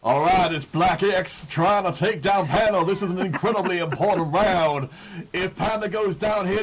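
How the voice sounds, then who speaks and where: A man casting a live esports tournament, explaining standings and calling the action with rising excitement on big plays. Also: sits high, normal speed, background noise. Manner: excitable, builds hype on big moments. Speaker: tournament caster. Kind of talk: live esports play-by-play commentary.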